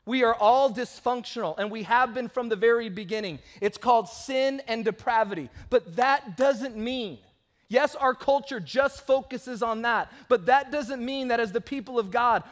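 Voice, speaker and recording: High-voiced pastor preaching animatedly. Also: male voice. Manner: animated storytelling, acting out quoted voices. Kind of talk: sermon. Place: church sanctuary.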